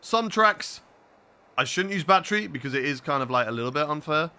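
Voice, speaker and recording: A man's voice: fairly high pitch, expressive, brisk, pushed and bright, clear, resonant tone. A young man streaming a racing game live, chatting to his viewers as he drives, with faint game engine sounds behind him. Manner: chatty, talks to chat while racing. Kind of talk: live gameplay commentary.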